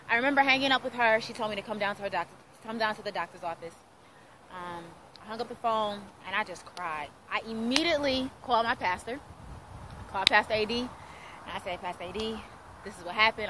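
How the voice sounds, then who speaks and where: A radio host in her thirties tells her personal testimony in an earnest, storytelling style, acting out the voices of people in her story. Her mid-range voice is a bit bright. The recording is rough, with slight background noise.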